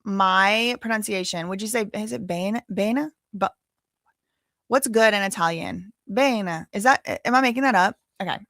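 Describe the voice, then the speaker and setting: A woman's voice: mid-range voice, moderate pace, a bit bright, no room sound, studio quality. A woman hosting a casual commentary on legal news, chatty and playful, with lots of asides and trailing restarts. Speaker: commentary channel host.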